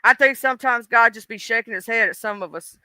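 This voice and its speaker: Woman streamer, chatty and laughing, very bright, crisp voice. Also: a little high, fast, no room sound, low-quality recording. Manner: chatty, laughing, talks to chat viewers. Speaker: live stream host. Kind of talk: casual live stream chat.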